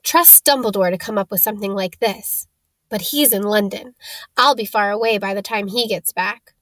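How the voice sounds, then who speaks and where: A woman's voice: medium pitch, moderate pace, a bit bright, dry recording, natural voice. Quirrell, a woman voicing a cold scheming wizard. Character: cold scheming male wizard teacher, menacing. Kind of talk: audiobook character reading.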